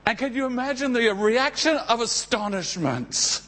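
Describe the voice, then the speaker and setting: A man's voice: extremely high pitch, expressive, normal speed, hardly any pauses, sharp tone. A man preaching a sermon who tells a story and often asks his listeners rhetorical questions. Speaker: pastor.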